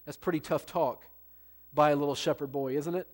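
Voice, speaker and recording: A man preaching a Sunday sermon with a somewhat high voice. He tells the story in an easy, folksy way, with plenty of asides to the people listening. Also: fairly even intonation, fairly quick. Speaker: pastor.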